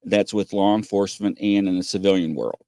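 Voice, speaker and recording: A man hosting a casual podcast, telling stories with lots of pauses and acting out what people said. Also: low-pitched, steady tone, warm tone, dry recording. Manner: rambling storyteller, many "uh" pauses, acts out quotes. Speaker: podcast host. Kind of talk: casual chat.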